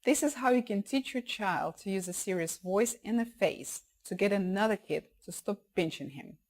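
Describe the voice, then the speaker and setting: A woman narrates a parenting course in a calm, explanatory way, and her voice sits in an ordinary middle range. She leans on key points for emphasis. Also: mid-range voice, moderate pace, poor audio. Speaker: parenting instructor.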